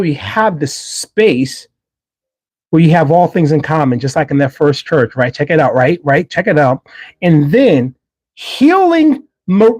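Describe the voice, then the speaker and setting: Earnest man with a high voice. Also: darkish tone. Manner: earnest, emphatic, repeats key phrases. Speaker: livestream host. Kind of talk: faith-based motivational talk.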